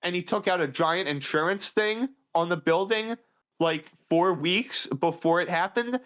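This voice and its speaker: A man with a fairly high voice rants crudely on a casual podcast, jumping from loud outbursts to low mutters. The audio sounds muffled and lo-fi. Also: a little slow, clear, resonant tone. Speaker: podcast co-host.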